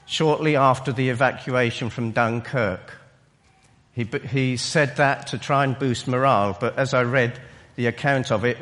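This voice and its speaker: A man preaching a sermon in a church, slow and emphatic, with halting restarts. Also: medium pitch, fairly bright tone. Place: church hall. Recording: long reverb in a hall.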